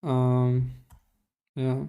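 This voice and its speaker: Man, streamer, smooth clear voice, casual profane commentary, exasperated rant. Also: mid-range voice, drawn-out words. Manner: animated, profane, exasperated ranting.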